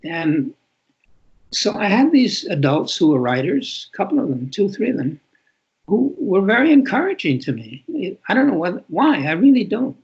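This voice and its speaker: Here the older guest author sounds very animated, his voice sitting high as he speaks at normal speed. He tells reflective stories during the podcast interview, with frequent restarts, and the recording has a dull lo-fi quality.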